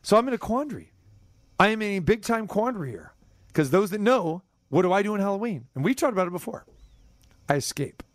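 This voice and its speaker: Man, middle-aged, sports radio host, high voice, dry studio sound, rambling animated storytelling. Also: fast talker, no echo. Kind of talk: casual sports talk chat.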